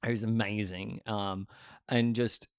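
A man chatting casually about films, animated and often laughing through his words. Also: lowish voice, takes it slowly, clear, resonant tone, no echo, studio quality. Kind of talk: casual chat.

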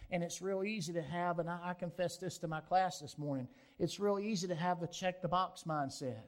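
A middle-aged man, a pastor, preaching a sermon earnestly, slowing down for emphasis and rising into loud pleas. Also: high-pitched.

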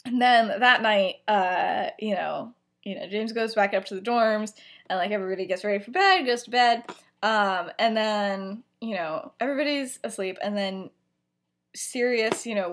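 A woman's voice: mid-range voice, moderate pace, fairly bright tone. A young woman co-hosting a podcast, casually retelling a story in a rambling, giggly way full of fillers. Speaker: podcast co-host.

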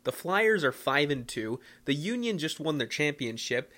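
A young man from the Philadelphia area hosting a casual solo podcast, rambling and self-mocking with excitable bursts. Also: a little high, moderate pace. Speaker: podcast host.

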